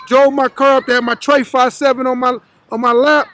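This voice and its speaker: A man's voice: very high-pitched, little pitch movement, normal speed, fairly bright tone, no echo. A man, a guest in an interview, telling his life story bluntly and profanely, acting out the voices of the people he quotes.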